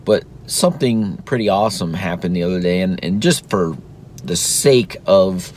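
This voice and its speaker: A man's voice: low voice, expressive, normal speed, a little mellow, a little hiss or hum. A man in his thirties, a father and host, talking casually and earnestly, now and then acting out his own sing-song praise to his little son. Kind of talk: casual reflective talk.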